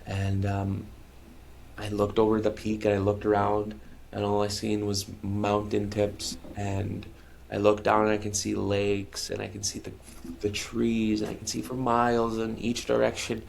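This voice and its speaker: Male podcast guest, low gravelly voice, faint noise behind, heartfelt casual storyteller. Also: completely flat delivery, a little slow. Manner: calls the listener bro and man constantly; candid, heartfelt. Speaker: podcast guest, musician and speaker.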